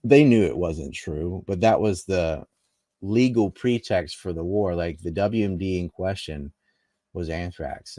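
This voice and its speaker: Deep-voiced emphatic man, dry close sound. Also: a little mellow, dry recording. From North Carolina, US. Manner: emphatic, rapid-fire rhetorical questions. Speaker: political commentator. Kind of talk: conversational interview.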